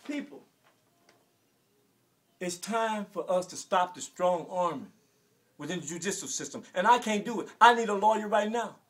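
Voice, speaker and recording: A man in his forties from Arkansas with a Southern American accent, delivering an emotional, preachy rant that repeats phrases and bursts into shouts. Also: sits high, normal speed, long pauses. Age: 40s. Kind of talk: impassioned direct-to-camera rant.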